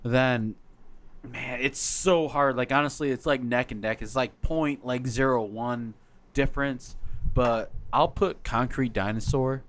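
An easygoing young man rambles in casual chat with friends, with a middle-pitched voice. Faint noise sits behind him. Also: fairly even intonation, unhurried, fairly bright tone.

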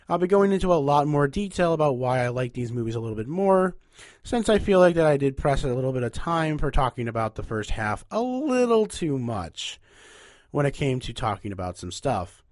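A man's voice: mid-range voice, expressive, fairly quick, dry recording, studio quality. A young man with a nasal voice hosting a casual, rambling podcast where he ranks movies. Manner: chatty, rambling, upbeat. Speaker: podcast host.

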